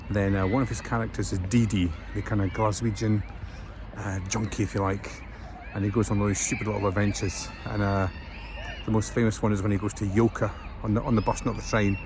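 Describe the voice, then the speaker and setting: A man's voice: fairly low pitch, steady tone, brisk. A Scottish man chatting casually as he walks through town for a travel vlog, rambling with plenty of fillers. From Scotland. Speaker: travel vlogger. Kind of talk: casual walking vlog narration. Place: outdoors in town streets and station, rainy. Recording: outdoor vlog with clear street noise.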